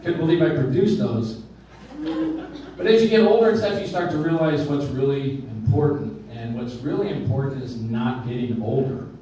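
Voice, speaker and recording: A man's voice: mid-range voice, moderate pace, mellow, far from the mic, a little hiss or hum. A man doing a stand-up comedy set, telling self-mocking stories in a dry way on a club stage. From Arizona. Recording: very echoey room, heard from afar.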